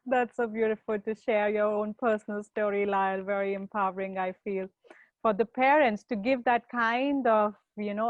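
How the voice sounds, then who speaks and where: A woman's voice: mid-range voice, no room sound. A woman hosting a live question session, reading out viewer questions in a hesitant way with many fillers. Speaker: host. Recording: tinny phone-like line.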